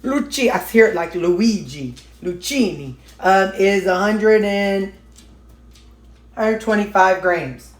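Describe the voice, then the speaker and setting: A woman with a mid-range voice speaks slowly in a casual, chatty diet vlog filmed in her home kitchen. She rambles with lots of fillers and restarts, and the echoey kitchen carries the clatter of dishes.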